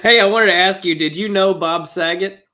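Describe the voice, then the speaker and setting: Bright-voiced laid-back male podcast host. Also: high voice, moderate pace. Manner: laid-back, profane, chuckling. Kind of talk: casual chat.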